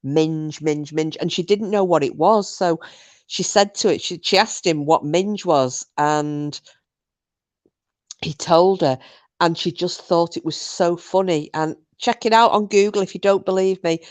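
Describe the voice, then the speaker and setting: A woman's voice: on the low side, unhurried, dry recording. A woman hosting a casual live-stream quiz night, answering viewer comments and often breaking into laughter. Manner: giggly, often bursting into laughter.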